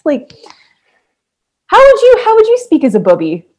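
A woman's voice: very high-pitched, huge pitch swings, unhurried, pauses often, a little mellow, a little hiss or hum, rough recording. A woman co-hosting a podcast in casual, rambling chat, laughing often. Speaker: podcast co-host.

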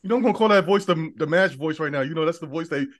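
A man guesting on a casual sports podcast, teasing the host in quick banter. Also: a little high.

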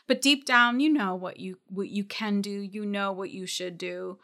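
A woman with a bright, crisp voice speaks as a retail business coach. She talks straight to her listeners, encouraging but firm, pushing them past their excuses. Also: mid-range voice, steady tone, normal speed, hardly any pauses. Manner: direct, encouraging, calls listeners out. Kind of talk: coaching podcast talk.

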